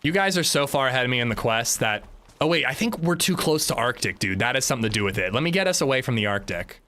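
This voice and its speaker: A man's voice: mid-range voice, expressive, fast talker, bright, forceful tone. A male streamer chatting casually while gaming, swearing lightly and laughing easily.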